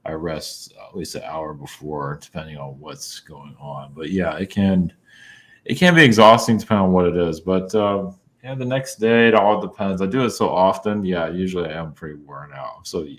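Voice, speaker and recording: A man with a very deep, low voice answers interview questions. He talks haltingly, full of fillers, often trailing off softly or laughing lightly. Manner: soft-spoken, halting, many fillers and little laughs. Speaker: guest, channeler. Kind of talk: casual interview talk.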